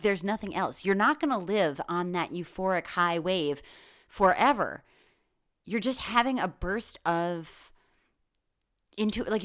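A woman hosting a solo podcast, talking candidly and with plenty of swearing, saying "like" often and restarting her sentences. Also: lowish voice. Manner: candid and profane, with lots of "like" and restarts. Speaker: podcast host. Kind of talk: casual solo podcast monologue.

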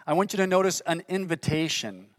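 A man's voice: a little high, animated, a little fast, no echo. A man preaching a sermon in an earnest way, reading scripture aloud with rising intensity. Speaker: pastor.

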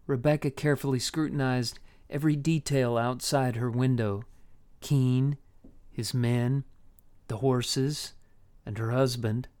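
Slow, smooth-voiced male narrator. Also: mid-range voice, fairly even intonation, a little mellow. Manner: measured and unhurried. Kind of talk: audiobook narration.

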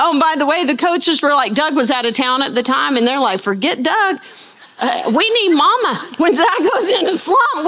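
A middle-aged woman teaching a Bible lesson, telling stories and acting out the people she quotes. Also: very high voice. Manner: animated storytelling, acts out quoted voices. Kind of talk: sermon.

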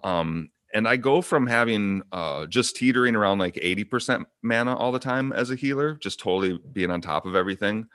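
Animated man telling a gaming story. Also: lowish voice, brisk, few pauses, dry recording, studio quality. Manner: animated, rambling, swears often. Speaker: podcast co-host. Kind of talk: casual chat, storytelling.

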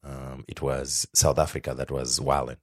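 A man co-hosting a podcast in casual, playful chat, from Zimbabwe, sometimes mock-pompous and animated. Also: extremely low pitch, moderate pace. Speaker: podcast co-host.

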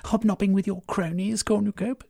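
A man voicing an indignant, scornful young woman in a lifted, husky voice. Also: high voice, steady tone, normal speed, warm tone, dry recording, studio quality, voice pushed up. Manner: curt, scornful.

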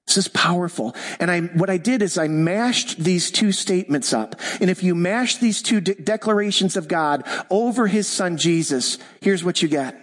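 A fifty-something man delivers a sermon with a fairly high, bright-pitched voice. He preaches with emphasis, repeating key lines and slowing right down for scripture and solemn declarations. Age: 50s. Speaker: pastor. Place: church.

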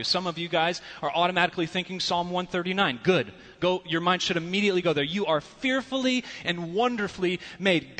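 A man preaching a sermon as pastor, conversational with rhetorical asides, swinging from loud and animated to hushed. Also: on the high side. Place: church sanctuary. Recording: long reverb of a large hall.

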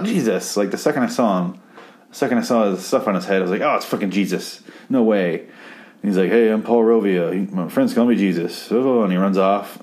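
A man's voice: on the low side, a little mellow. A young man rambling through a sarcastic, profane recap of a TV episode. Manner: rambling, sarcastic, swears a lot.

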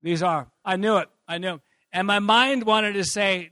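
Speaking at normal speed with a high, bright tone, a male pastor shares a story from his own life in a sermon, drawing out his words before laughing and shouting animatedly. The audio is close and dry.

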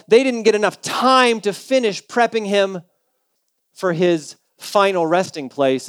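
High-voiced man preaching with easy humor. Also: dry recording. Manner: conversational, humorous storytelling. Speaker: pastor. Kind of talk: sermon.

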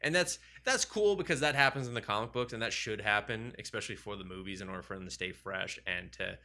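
A man in casual banter about superhero movies, joking and rambling, acting out characters in quick asides. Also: lowish voice, bright, forceful tone.

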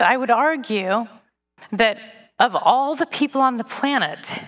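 A woman giving a sermon to a church audience, conversational and self-deprecating, telling stories in an animated way. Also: on the high side, long reverb tail. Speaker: speaker at a church gathering.

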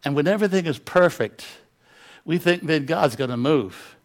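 A man's voice: fairly high pitch, expressive, moderate pace. A man preaching a sermon as a pastor, telling stories with impassioned, dramatic delivery.

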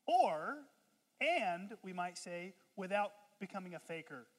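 An animated preacher delivering a sermon with call-and-response, talking at a medium pitch. The voice soars high and loud in playful asides, then settles back. Long reverb of a large church hall trails every phrase. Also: measured pace. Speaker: pastor.

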